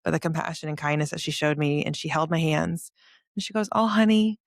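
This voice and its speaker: Woman host clearing her throat now and then. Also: low-pitched, level tone, fast, dry recording, studio quality. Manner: open, emotional, frequent "like". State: occasional coughing, throat clearing. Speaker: podcast host. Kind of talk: heartfelt conversational storytelling.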